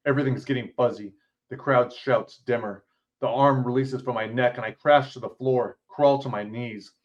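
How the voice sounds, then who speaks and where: A man's voice: medium pitch, steady tone, moderate pace, lo-fi sound. A man, author and podcast host, reading his interactive story aloud with blunt, casual asides and free swearing.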